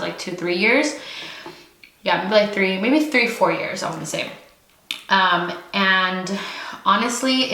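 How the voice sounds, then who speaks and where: A woman's voice: mid-range voice, fairly bright tone, reverberant, low-quality recording. A young woman from California, pregnant and out of breath, chatting casually to camera while eating noodles. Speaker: YouTube host. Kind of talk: casual mukbang chat.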